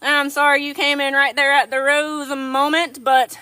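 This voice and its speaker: A woman's voice: high voice, monotone, moderate pace, sharp tone, no room sound. A woman hosting a casual livestream, affectionately greeting viewers as darling. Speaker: livestream host.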